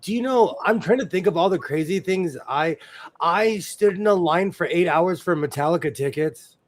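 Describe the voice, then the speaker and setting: A male host in casual chat, talking in an animated way and laughing often. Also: high-pitched, moderate pace.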